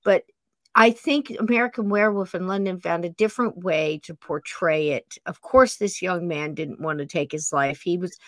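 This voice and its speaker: A woman podcast host in casual chat, talking fast and gushing with enthusiasm. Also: on the low side, fairly bright tone, no echo.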